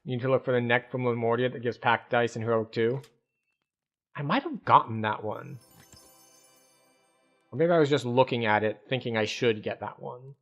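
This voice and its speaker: A man streaming a video game, giving relaxed, casual commentary and thinking aloud as he plays. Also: mid-range voice, normal speed, pauses often, highs cut off, soft background music.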